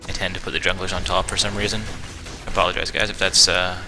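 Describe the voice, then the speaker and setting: Male caster, deep voice, chatty live play-by-play with frequent self-corrections. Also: flat delivery, fast. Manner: casual, chatty, corrects himself often. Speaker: esports commentator. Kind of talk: live game commentary for a stream. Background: game music.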